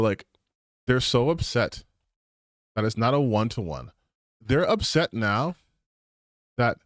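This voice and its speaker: A male streamer in a loose, rambling rant, swearing freely and jumping into excited spikes. His voice sits at an ordinary middle pitch, and the sound is close and dry. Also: no echo. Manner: animated and profane, with bursts of excitement.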